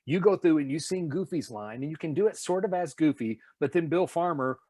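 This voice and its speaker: A man with a fairly high voice tells stories in an animated way during a casual interview, often slipping into playful announcer voices. He is from Nashville and works as a voice actor and singer. The recording is close and dry, with no room echo. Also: fairly quick. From Nashville, USA. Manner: animated, slips into announcer voices and laughs while telling stories.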